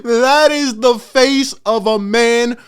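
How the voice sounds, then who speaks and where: Man, sports host, emphatic rant, excitable, high voice. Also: slow pace, a little hiss or hum. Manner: emphatic, excitable, laughs often.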